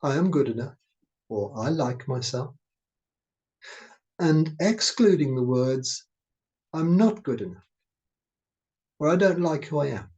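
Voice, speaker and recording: Male meditation teacher: warm, mellow tone, unhurried and soothing. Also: on the high side, animated, lo-fi sound. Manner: slow, gentle, soothing delivery. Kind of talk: guided meditation talk.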